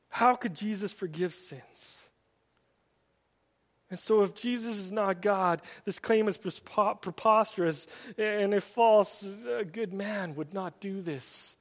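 A man preaching a sermon, retelling stories in an animated, storytelling way with many repeated "and"s. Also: high-pitched, slow. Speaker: pastor. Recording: long hall reverb.

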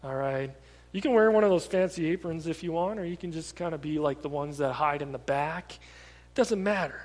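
A man preaching a sermon in a conversational way, telling stories with lively energy and often restarting his sentences. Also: a little high, moderate pace, big-room sound. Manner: conversational, animated storytelling with repeated restarts.

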